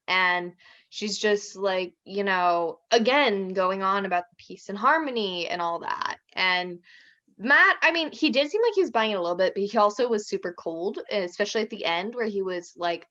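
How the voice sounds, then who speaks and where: A young woman co-hosting a podcast in casual chat, animated and often mimicking the people she quotes. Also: mid-range voice, moderate pace. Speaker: podcast co-host. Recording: dull lo-fi sound.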